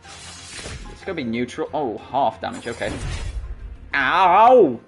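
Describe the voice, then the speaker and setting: An Australian man with a Sydney accent commentating a video game, excitable and shouting at the battles. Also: medium pitch, normal speed, gravelly, faint music behind. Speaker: gaming channel host. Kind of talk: let's play commentary.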